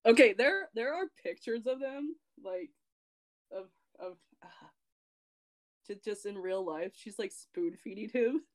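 A woman's voice: medium pitch, animated, unhurried. A woman co-hosting a casual podcast, enthusiastic and gushing. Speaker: podcast co-host. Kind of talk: casual chat.

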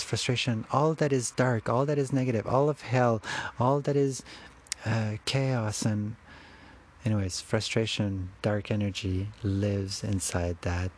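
A man's voice: on the low side, a little mellow, slight background noise. A man giving an earnest, rambling personal spiritual monologue, often restarting his sentences.

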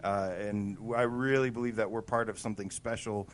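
A man's voice: fairly low pitch, fairly even intonation, fairly quick. A man co-hosting a casual gaming news show, talking earnestly and enthusiastically, with casual swearing. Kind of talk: casual chat.

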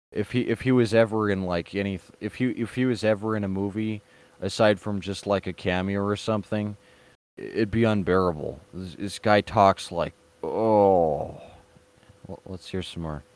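A man hosting an online show, giving casual and sarcastic reaction commentary in a mocking tone. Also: fairly low pitch. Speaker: online video host.

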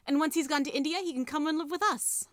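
A woman reading aloud, voicing Polly, an eager and friendly young girl in a storybook, with her voice lifted high. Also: sing-song, slow, creaky, fairly bright tone, no room sound, studio quality, full character voice.

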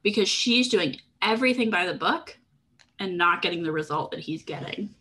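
A woman's voice: lowish voice, lively intonation, normal speed, sharp tone, slightly rough. A woman co-hosting a podcast, talking through a book in a casual, thoughtful and analytical way. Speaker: podcast co-host.

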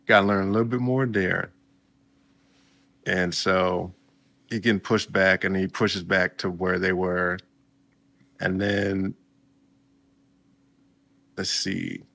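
A man's voice: deep voice, flat delivery, takes it slowly, vocal fry, long pauses, sharp tone. A man casually recapping a story for his viewers, chatty and laid-back, breaking in with reactions. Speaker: video host recapping a story.

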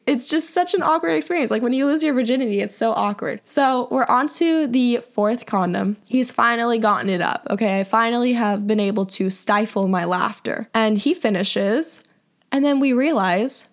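A young woman hosting a podcast and telling a personal story in a casual, animated way, full of "like" fillers. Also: on the high side, normal speed. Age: young adult. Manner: chatty, heavy on "like" fillers; animated, acts out quoted voices. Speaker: podcast host.

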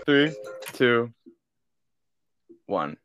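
A man's voice: medium pitch, very animated, drawn-out words, fairly bright tone, a little hiss or hum. A young man co-hosting a podcast, chatting casually in a goofy, joking way and laughing often. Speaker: podcast co-host. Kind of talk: casual chat.

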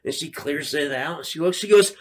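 A podcast co-host in his thirties tells an animated, swear-filled story in casual chat, acting out the quotes. His voice is a little high and fairly quick.

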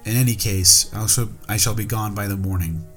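A man's voice: fairly low pitch, brisk, a bit bright, soft background music, natural voice. Man voicing a young snow spirit woman. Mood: calm. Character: pretty young female snow spirit, calm.

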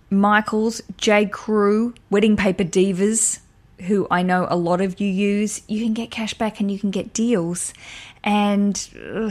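A woman hosting a podcast, talking in a chatty, animated way and getting worked up and ranty. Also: medium pitch. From Australia. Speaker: podcast host. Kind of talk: casual solo podcast talk.

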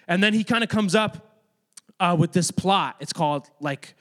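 A man's voice: fairly high pitch, expressive, brisk. A man speaking as a youth pastor, giving a casual, joking sermon to kids and often saying "like". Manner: chatty, joking, many filler "like"s; addresses and manages kids in the room. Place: youth group room with children.

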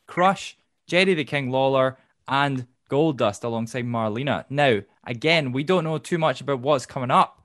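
A man hosting a casual podcast, recapping with wry asides and quick laughs. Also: a little high, a bit bright, no echo, clean studio sound. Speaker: podcast host.

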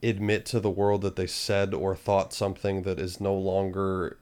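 A woman's voice: rumbling low, flat delivery, moderate pace, a little mellow. A woman co-hosting a podcast, chatting casually in long run-on thoughts. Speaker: podcast co-host. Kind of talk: casual chat.

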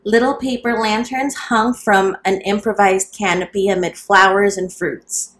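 A woman reads a classic novel aloud in a measured storytelling voice. She keeps the narration steady, then jumps her voice up for the excited dialogue. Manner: lifts pitch and volume for quoted characters. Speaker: audiobook reader. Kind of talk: scripted narration.

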